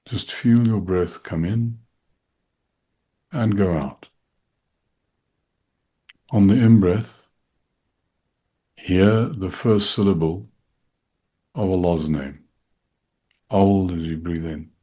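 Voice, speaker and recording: A middle-aged man, a shaikh, speaking slowly and softly as he leads a guided meditation and dhikr. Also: sits low, husky. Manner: slow, soft-spoken, calm guiding voice.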